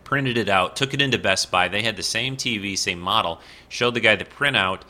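Goofy rambling deep-voiced male podcaster. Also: fairly quick, pushed and bright. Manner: rambling, goofy, many fillers and restarts. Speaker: podcast host. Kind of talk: casual solo podcast chat. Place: bedroom of an apartment.

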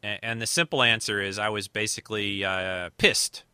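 A man's voice: fairly low pitch, moderate pace, sharp tone, clear, resonant tone, no room sound. A man hosting his podcast in casual chat, rambling and often restarting his sentences. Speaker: podcast host.

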